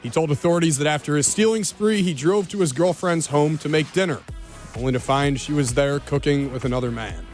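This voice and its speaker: A man's voice: a little high, fairly quick, a little mellow, faint music behind. Wry male co-host reading odd news. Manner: wry, punning storyteller.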